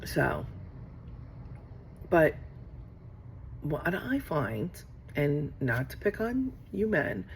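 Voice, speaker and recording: A woman's voice: sits low, sing-song, drawn-out words, pauses often, a little hiss or hum. A middle-aged woman talking casually to camera from her office, rambling and acting out conversations she has had. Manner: rambling, acts out quoted exchanges. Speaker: vlogger.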